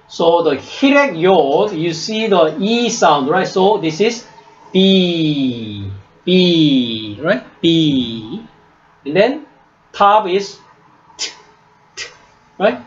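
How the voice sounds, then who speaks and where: Slow, lively-pitched teacher. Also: male voice, muffled recording. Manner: slow, repeats words and asks "right?" often. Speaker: Hebrew teacher. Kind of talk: classroom lesson.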